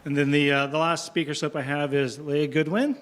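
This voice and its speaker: Guy chairing the council meeting, kinda high voice, lots of ums and uhs. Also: flat delivery, brisk, a bit bright, a little hiss or hum. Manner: hesitant, many fillers. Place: council chamber.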